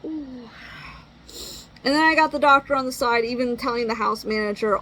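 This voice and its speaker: A woman's voice: on the high side, normal speed, sharp tone, poor audio. A middle-aged woman venting in an exasperated, blunt monologue and swearing freely. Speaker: parent venting.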